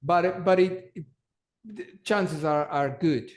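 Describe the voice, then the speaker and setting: Slow, halting man with a higher voice. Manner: slow, halting, many repeated words. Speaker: polar travel company guest. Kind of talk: interview answers.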